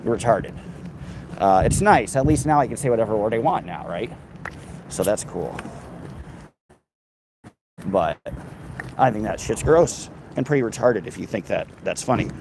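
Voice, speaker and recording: A man's voice: fairly low pitch, expressive, normal speed, gravelly, pauses often. A man live streaming while walking outdoors on a city street, talking in a rambling, sarcastic and profane way into a handheld phone. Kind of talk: casual live stream chat. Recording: street traffic noise behind.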